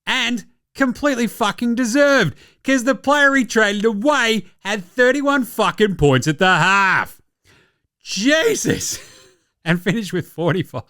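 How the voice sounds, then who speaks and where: Casting: Australian male sports-pod host, sweary and sarcastic, slightly high voice, dry close mic. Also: animated, measured pace, sharp tone, smooth, no room sound. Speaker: basketball podcast host. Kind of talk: casual sports commentary rant.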